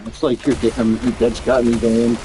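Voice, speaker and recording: A man's voice: mid-range voice, level tone, normal speed, warm tone, soft background music, rough recording. A man chatting casually while gaming, telling rambling, profane stories full of restarts. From Canada. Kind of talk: casual chat.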